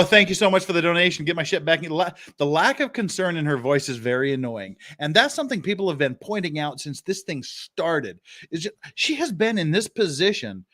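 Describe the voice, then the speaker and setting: A man's voice: on the high side, fairly bright tone. A man in his fifties hosting a casual reaction livestream, profane and digressive, often laughing at his own jokes. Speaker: host reacting to interrogation footage.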